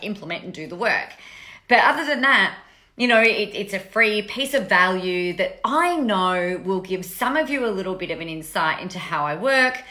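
A woman's voice: mid-range voice, bright, forceful tone. A woman, chatting casually and upbeat on a live stream as an online business coach, often interrupting herself. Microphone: phone.

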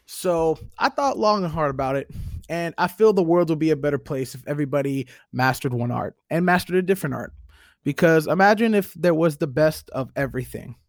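A man's voice: on the high side, fairly quick, no echo, clean studio sound. A man co-hosting a podcast in a laid-back, joking way, posing a question for the group to discuss. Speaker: podcast co-host. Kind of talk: casual chat.

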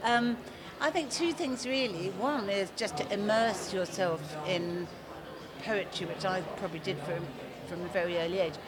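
A woman answers modestly, pausing with small hesitations as she thinks. A dense crowd roars behind her outdoors. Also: medium pitch. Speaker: author guest. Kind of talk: casual interview answers. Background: loud crowd chatter.

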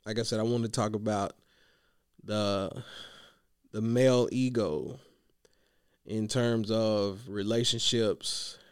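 A man coaching youth basketball, venting in a casual vlog monologue, slangy and animated, worn out from yelling. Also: fairly low pitch, slow pace, pauses often, smooth, no echo, studio quality.

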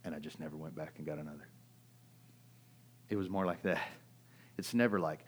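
Conversational middle-aged male preacher, low-voiced. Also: a little fast, pauses often, slightly rough. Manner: conversational preaching, swinging from loud and urgent to hushed; keeps asking "right?" to the audience. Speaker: pastor. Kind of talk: sermon.

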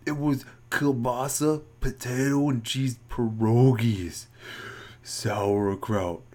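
A man co-hosting a casual podcast chat, theatrical, his voice shooting up high when he gets excited. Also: slow pace. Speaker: podcast co-host.

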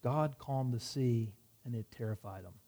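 A man's voice: mid-range voice, normal speed. Man preaching with dramatic swings. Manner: dramatic scripture reading with swings in loudness; wry asides. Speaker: pastor. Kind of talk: sermon.

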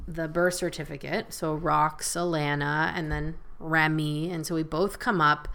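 Woman from Canada, podcast guest, animated storyteller, fairly low voice. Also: unhurried, gravelly. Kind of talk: casual chat.

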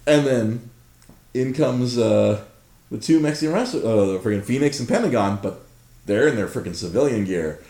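A man telling a story in casual chat, animated and profane, laughing often. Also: mid-range voice, normal speed. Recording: roomy echo.

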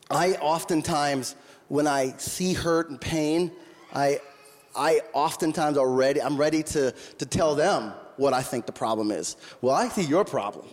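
A middle-aged man from the Minnesota or North Dakota area preaches a sermon, earnestly telling a story and frequently restarting his words. His voice is a little high and a little mellow, and the recording carries a long hall reverb.

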